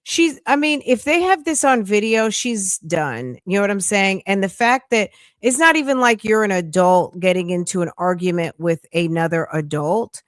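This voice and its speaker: A woman's voice: medium pitch, animated, moderate pace, hardly any pauses, no echo. A middle-aged woman hosting a casual livestream, reading news aloud, reacting bluntly and greeting viewers by name with pet names. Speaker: livestream host.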